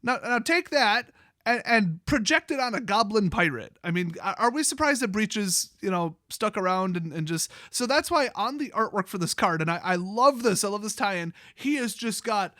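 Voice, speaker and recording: A man's voice: high voice, lively intonation, normal speed, bright, forceful tone, no echo, clean studio sound. A man with a Wisconsin accent, hosting a comedic review and reading passages aloud with sarcastic, joking asides. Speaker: YouTube host. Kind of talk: comedic card lore review.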